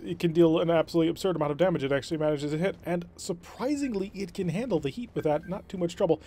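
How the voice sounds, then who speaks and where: A man's voice: on the high side, very fast, warm tone. Man giving gameplay commentary. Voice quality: explanatory, thinking aloud about tactics. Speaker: game commentator. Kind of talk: let's-play commentary.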